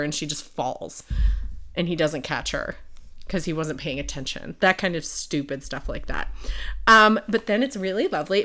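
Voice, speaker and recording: A woman's voice: mid-range voice, a bit bright. A woman co-hosting a podcast in casual chat, giggly and rambling, with lots of fillers. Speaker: podcast co-host.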